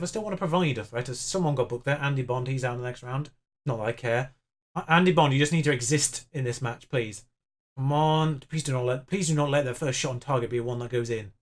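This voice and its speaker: A young man commentating on his own football management game, excitable and self-mocking, pleading with the players on screen. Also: on the high side. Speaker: gaming YouTuber.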